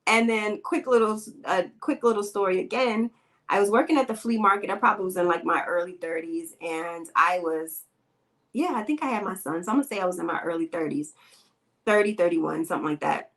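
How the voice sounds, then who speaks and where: A woman's voice: on the low side, a little fast, fairly bright tone. A woman hosting a podcast, talking bluntly and emphatically in slangy, casual speech and telling stories into a microphone. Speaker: podcast host. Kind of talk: casual opinion talk and storytelling.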